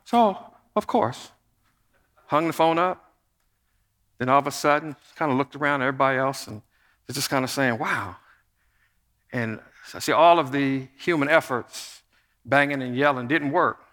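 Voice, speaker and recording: A middle-aged man, the pastor, giving an earnest, conversational sermon to his church that drops to a soft hush in prayer. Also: mid-range voice, moderate pace. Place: church sanctuary. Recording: long reverb of a large church hall.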